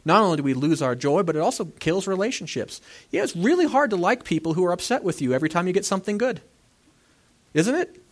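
A man's voice: high voice, big pitch swings, fast talker. A pastor preaching a sermon in a church, talking animatedly and acting out the voices of people he quotes.

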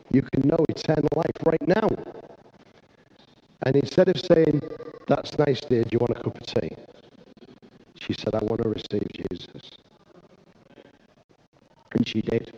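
A man preaching a sermon, telling a personal story earnestly and growing excitable, with frequent restarts. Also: mid-range voice, muffled recording. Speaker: pastor.

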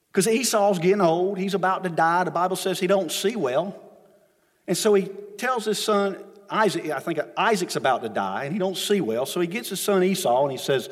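A man preaching a sermon as a pastor, retelling the story with emphatic repetition, recorded in a church sanctuary with long reverb. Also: sits high.

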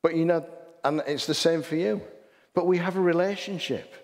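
A man's voice: fairly high pitch, normal speed, darkish tone. A man with a Hull accent preaching a sermon, chatty and full of rhetorical questions and restarts. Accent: Hull English. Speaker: pastor. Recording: long hall reverb.

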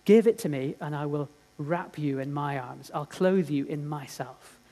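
A man voicing a loving savior who speaks gently and earnestly to each listener. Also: a little high, normal speed, close to an everyday voice. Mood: tender.

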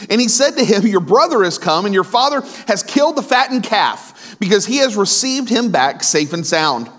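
Lively-pitched male pastor preaching. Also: normal speed. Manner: conversational preaching with frequent asides and restarts. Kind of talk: sermon.

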